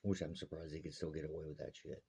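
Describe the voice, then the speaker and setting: Deep dark husky guy, blunt profane rant. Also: level tone, fast talker. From Alberta, Canada. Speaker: vlogger. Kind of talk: angry rant to camera.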